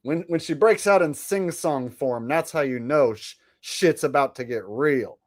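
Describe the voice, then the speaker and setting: A woman's voice: sits low, measured pace. A woman commenting on video clips in a sarcastic, profane way.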